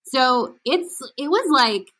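A Canadian actress chats as an interview guest in a high-pitched, animated, slow voice that sounds pushed and bright. It's a casual interview, and she laughs often, using many fillers and restarts.

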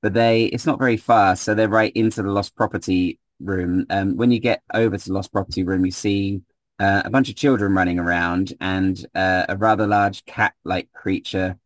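A man narrating a tabletop game as game master, relaxed and hesitant, filling pauses with ums. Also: low-pitched, no room sound.

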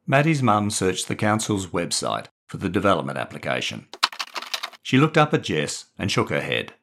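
A man reading his own children's short story aloud as author and narrator, in a measured, expressive way. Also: deep voice, background noise.

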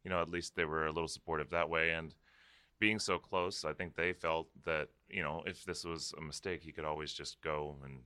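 A young man chatting casually as an interview guest, relaxed and hesitant, with many fillers. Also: very deep voice, a little fast, clean tone. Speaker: interview guest, opera singer. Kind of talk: casual conversation.

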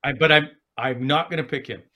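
A man's voice: fairly high pitch, brisk. Storytelling male sports podcast host. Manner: storytelling, animated with quoted voices. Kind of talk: casual sports chat.

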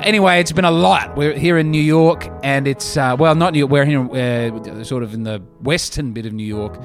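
A man hosting a podcast, talking through a casual comedic monologue in an animated, self-mocking way. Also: medium pitch, moderate pace, hardly any pauses, faint music behind.

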